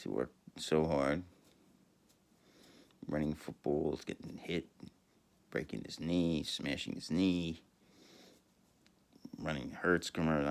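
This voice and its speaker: A man's voice: a bass voice, vocal fry. A man, rambling through a crude comic monologue full of swearing and laughter. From New York, USA. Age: 50s. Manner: profane, laughing, rambling storyteller.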